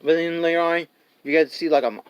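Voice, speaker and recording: Male reviewer, high smooth voice, loose rambling recap, acts out scenes. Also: steady tone, quick pace, lo-fi sound. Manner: rambling, full of "like" and restarts; laughs often and acts out scenes. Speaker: movie reviewer. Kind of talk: casual spoken movie review.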